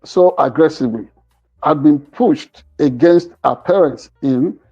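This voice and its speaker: A man with a somewhat high voice gives opinionated commentary, pausing often on fillers as he builds his argument. His audio sounds a little dull and muffled. Faint music runs underneath. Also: darkish tone, breathy edge. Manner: hesitant, many fillers, searches for words while arguing. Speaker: news commentator.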